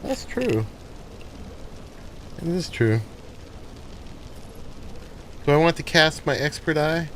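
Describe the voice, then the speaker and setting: A man's voice: fairly high pitch, slow pace, long pauses, slight background noise. A man hosting a gaming channel, casually talking through his gameplay and thinking aloud as he builds. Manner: relaxed, thinking aloud while playing.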